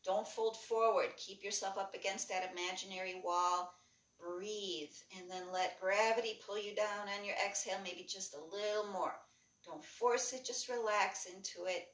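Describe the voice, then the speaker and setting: A woman instructor leading a guided breathing and movement class, giving calm, rhythmic cues that are mostly soft with brighter bursts. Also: medium pitch, normal speed, distant mic. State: lightly breathless while jumping. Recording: echoey room, voice a bit off-mic.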